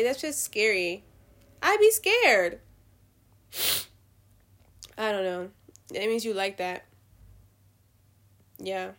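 A woman hosting a show, giving blunt, profane opinions in a casual, animated rant. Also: mid-range voice. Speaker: podcast host.

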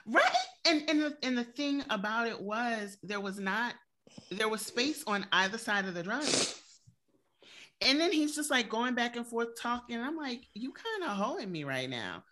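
A woman's voice: fairly high pitch, normal speed, sharp tone. A woman with a New Orleans accent, co-hosting a podcast and telling blunt, profane stories in casual chat. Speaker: podcast co-host.

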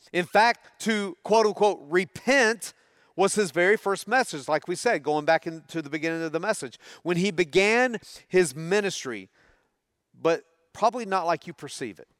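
High, smooth-voiced man preaching a sermon. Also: dry recording, studio quality. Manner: conversational, asks the audience questions. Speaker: pastor.

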